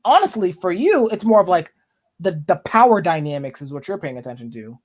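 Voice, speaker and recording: A man's voice: high voice, very animated, brisk. A man hosting a podcast in casual chat, blunt and teasing, swearing freely. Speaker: podcast host. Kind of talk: casual conversation.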